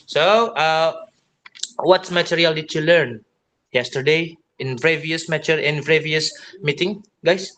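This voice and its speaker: A man's voice: a little high, fairly bright tone, poor audio. A young man from Indonesia with an Indonesian accent, teaching an English class over a video call in a joking, chatty way and mixing languages freely. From Central Kalimantan, Indonesia. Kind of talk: online class, casual teaching.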